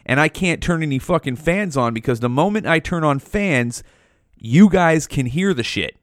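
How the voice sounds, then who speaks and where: A man in his forties, hosting a podcast alone, rants heatedly and swears nonstop with his mouth right against the microphone in a small home room. His voice is a little high and expressive at a moderate pace, recorded at studio quality with no room sound.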